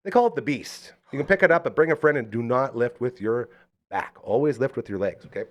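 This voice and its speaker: A man with a medium-pitched voice hosts a live local podcast at a brisk pace. He chats casually, rambling his way through enthusiastic sponsor plugs.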